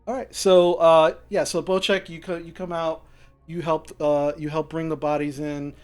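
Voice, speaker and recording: A man narrating a tabletop game as game master, halting, with many fillers and restarts. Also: on the high side, little pitch movement, a little mellow, smooth, faint music behind.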